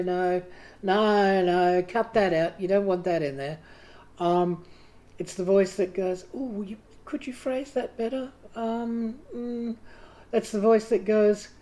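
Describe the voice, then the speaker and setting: In a mellow, mid-range voice, a woman hosting a writing group chats casually to the camera. She drops self-deprecating asides and acts out quoted inner voices.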